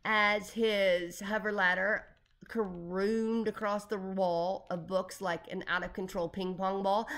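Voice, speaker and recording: A woman narrating a children's chapter book in a lively, expressive way. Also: fairly low pitch, measured pace. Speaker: audiobook reader.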